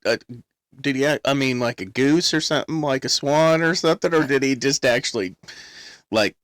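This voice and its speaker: A man's voice: mid-range voice, a little fast, a bit bright, no room sound, clean studio sound. A man hosting a casual chat, rambling and losing his place as he retells an old joke.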